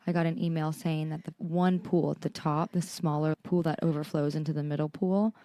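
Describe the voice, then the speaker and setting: Chatty young woman with a mellow voice. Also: sits low, a little fast. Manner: animated storytelling, mimics her toddler. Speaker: podcast co-host. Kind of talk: casual chat.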